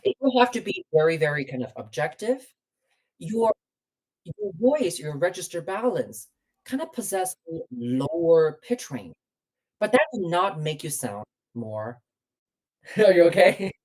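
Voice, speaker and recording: Low-voiced woman coaching on a distant call mic. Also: big pitch swings, a little slow, a little mellow. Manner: explains with many hesitations and fillers. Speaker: voice coach, guest. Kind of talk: instructive interview answers.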